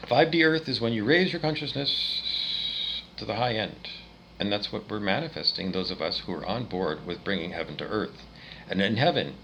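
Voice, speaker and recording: A man from Canada ranting angrily, swearing often and swinging between loud outbursts and quieter muttering. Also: lowish voice, a little hiss or hum, poor audio. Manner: profane, agitated ranting with swings in loudness. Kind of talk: angry rant monologue.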